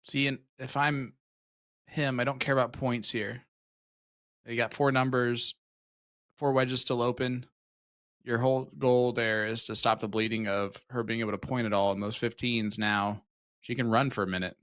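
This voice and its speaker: A man's voice: mid-range voice, level tone, normal speed, a bit bright, dry recording. A man commentating a darts tournament, joking and chatty with asides between throws. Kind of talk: live sports commentary.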